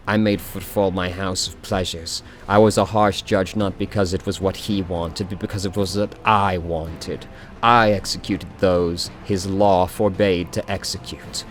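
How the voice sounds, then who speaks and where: A man's voice: lowish voice, a little hiss or hum, close to an everyday voice. Man reading as a ruthless, grandiose woman judge. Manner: grandiose declarations, read aloud from the screen. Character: ruthless female rogue trader judge, zealous.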